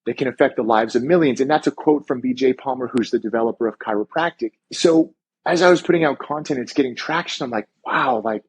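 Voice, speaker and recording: Animated storytelling man with a husky voice. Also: medium pitch, quick pace. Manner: animated storyteller, acts out quoted dialogue, swears casually. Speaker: chiropractor and wellness coach, podcast guest. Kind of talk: casual storytelling interview.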